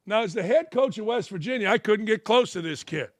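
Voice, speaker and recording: An older man delivers a sports talk monologue, blunt and sarcastic, his voice sitting fairly high for a man. The sound is dry and close, with no room around it. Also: expressive, a little fast, no echo. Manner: blunt, sarcastic and heated, acts out anecdotes. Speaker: sports talk show host. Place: studio.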